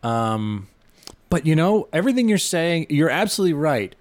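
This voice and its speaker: A man's voice: fairly high pitch, big pitch swings, normal speed. A man appearing as a guest filmmaker, musing enthusiastically about films in casual chat with the odd swear. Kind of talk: casual film discussion.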